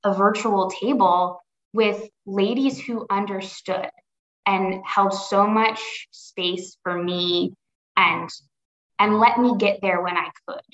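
A woman talks as a podcast guest in an earnest, reflective way, often restarting mid-sentence as she gathers her thoughts. Her voice sits at a middle pitch. It comes through roomy and dull, with a lo-fi quality. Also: steady tone, takes it slowly, a bit bright. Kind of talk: conversational interview.

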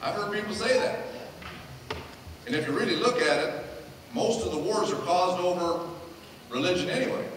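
A middle-aged man, a pastor, preaching in a lively, joking way and acting out the people in his stories. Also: high-pitched, normal speed, pauses often. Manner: animated, jokey storyteller acting out quotes. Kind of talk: sermon with storytelling. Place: church hall. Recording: echoey hall, distant mic, noisy.

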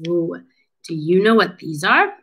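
A woman's voice: lowish voice, sing-song, a little slow, a bit bright, husky, poor audio. A woman speech clinician leading a children's lesson, drawing out words in an encouraging, sing-song teacher voice. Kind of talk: children's syllable-clapping lesson.

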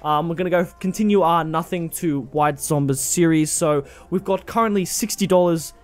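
A man impersonating a calm, measured male YouTuber talking about trading. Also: fairly high pitch, faint music behind, natural voice.

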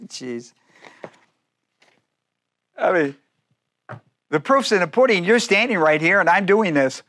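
A man's voice: high voice, very animated, takes it slowly, long pauses, pushed and bright. A man pastor preaching a sermon, acting out biblical speakers in first person with humor and frequent laughter.

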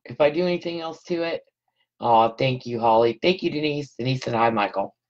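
A woman's voice: rumbling low, brisk. A woman hosting a casual live scrapbooking stream at home, chatting with viewers while she works. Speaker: scrapbooking host. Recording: dull lo-fi sound.

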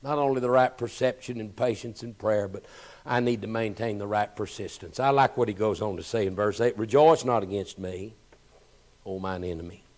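A man's voice: on the low side, normal speed. Older man preaching with dramatic swells. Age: 60s. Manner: swings from hushed near-whispers to loud emphatic preaching; repeats phrases for emphasis. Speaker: pastor. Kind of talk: sermon. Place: church.

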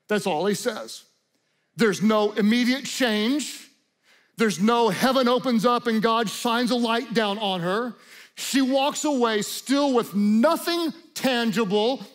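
A middle-aged man delivers a sermon as pastor in a notably high voice. He speaks slowly and deliberately, swinging between hushed stretches and fervent, shouted appeals. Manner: impassioned preaching, shifts from quiet to shouting.

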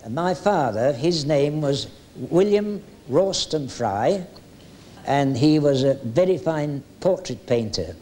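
A man's voice: a little high, lively intonation, slow, mellow. An older man, telling stories in a chatty, jokey way, with hesitant fillers now and then. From England. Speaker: retired music hall entertainer reminiscing. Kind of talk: anecdotal storytelling.

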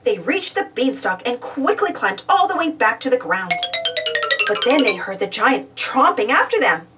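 A woman reading a children's storybook aloud with expressive, lively narration. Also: a little high, moderate pace, loud music behind the voice. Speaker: storybook reader. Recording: voice distant from the mic.

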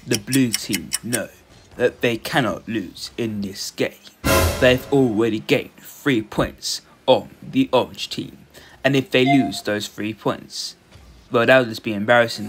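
A man voicing a stiff robotic male sports announcer, calling a video game match in a formal monotone. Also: medium pitch, lightly acted. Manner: monotone, formal commentary phrasing. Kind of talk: mock sports commentary. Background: music.

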